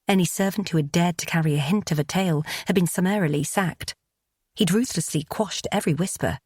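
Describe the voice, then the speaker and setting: Low, husky woman narrating a romance. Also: a little fast, a little mellow, no echo, clean studio sound. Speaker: audiobook narrator.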